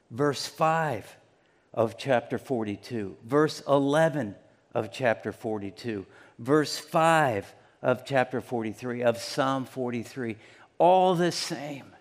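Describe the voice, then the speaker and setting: A man pastor preaching a sermon, swinging between hushed, near-whispered lines and loud, emphatic ones. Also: medium pitch, slow pace, long reverb tail.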